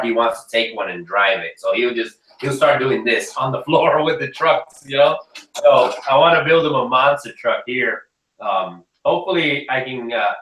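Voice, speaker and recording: A young man hosting a casual chat about RC cars, telling animated stories about his kids. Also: medium pitch, far from the mic. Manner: animated storyteller who acts out his kids' lines. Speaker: host of an RC hobby hangout. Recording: echoey room, a bit off-mic.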